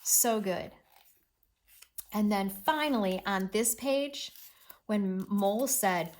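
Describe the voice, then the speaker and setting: A woman teacher giving an expressive, encouraging read-aloud reading lesson with lots of emphasis. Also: mid-range voice, slow pace, long pauses.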